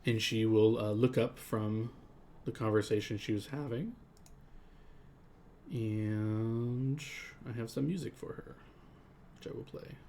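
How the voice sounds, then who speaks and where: A man's voice: lowish voice, a little slow, long pauses, mellow, a little hiss or hum. A man narrating as game master of a tabletop game, rambling and full of ums and likes.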